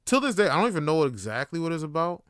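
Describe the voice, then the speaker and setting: A man's voice: fairly high pitch, racing, clean tone, no echo, studio quality. A man, hosting a casual solo podcast, telling stories with lots of swearing and laughter. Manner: profane, laughing, animated storytelling. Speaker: podcast host.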